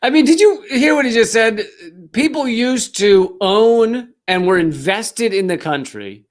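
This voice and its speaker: A man's voice: sits high, expressive, unhurried. A male comedian host delivering a heated, profane, sarcastic political rant.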